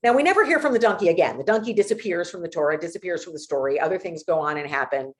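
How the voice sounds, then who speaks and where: Woman, lowish voice, informal Torah talk, chatty, restarts often. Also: lively intonation, rapid-fire. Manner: conversational, many restarts and asides. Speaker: service leader.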